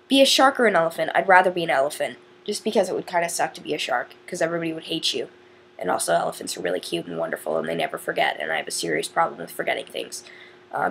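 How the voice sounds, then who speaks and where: A woman's voice: fairly low pitch, gravelly, breathy edge. A woman vlogger chatting casually through a question challenge, giggly and rambling, often stopping to restart her sentences. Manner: chatty, giggly, self-interrupting.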